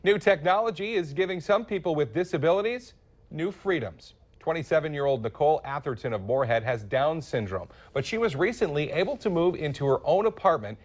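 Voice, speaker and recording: A man's voice: on the high side, animated, brisk. A man anchoring a morning newscast in a TV studio, reading local stories with a lightly joking manner. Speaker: news anchor. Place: TV news studio.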